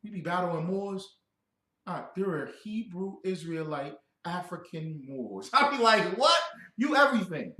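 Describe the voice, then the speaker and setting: A man giving a loud, joking scripture lesson who quizzes his listeners. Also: sits high, expressive, measured pace, echoey room. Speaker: scripture teacher. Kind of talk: animated scripture breakdown.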